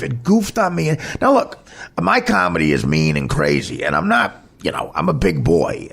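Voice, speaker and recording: A man's voice: fairly high pitch, vocal fry, breathy edge. A man hosting a podcast, telling a candid personal story in a blunt, profane, rambling way. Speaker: podcast host.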